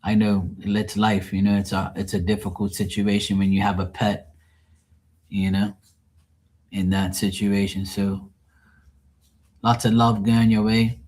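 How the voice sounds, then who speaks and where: A man's voice: fairly low pitch, level tone, a little slow, pauses often, darkish tone. A man hosting a live tarot stream, chatting casually with viewers in a blunt, profane, rambling way. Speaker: tarot reader and livestream host. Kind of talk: casual livestream chat with viewers.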